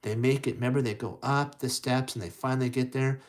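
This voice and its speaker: A man's voice: mid-range voice, fairly even intonation, a little fast. A man telling a children's story aloud in a loose, rambling way, often restarting his words.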